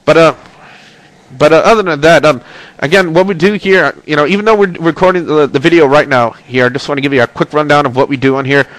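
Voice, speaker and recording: A man's voice: on the high side, fast, fairly bright tone, no echo, poor audio. Congested, chatty webcast host, a man. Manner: chatty, plugs links and reads chat. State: congested, stuffy nose. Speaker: host of a wrestling and video game webcast. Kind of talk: casual webcast talk. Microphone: webcam mic.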